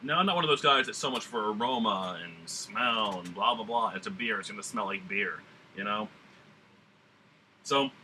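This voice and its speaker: A man's voice: fairly low pitch, animated, moderate pace, background noise. A man talking in a put-on Southern drawl, reviewing a beer in a casual, rambling way with lots of fillers and some blunt swearing. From New England.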